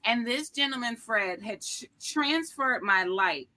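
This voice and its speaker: A middle-aged woman guest telling an inspirational personal story with an animated, emphatic, preacherly delivery. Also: fairly high pitch, measured pace. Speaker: podcast guest.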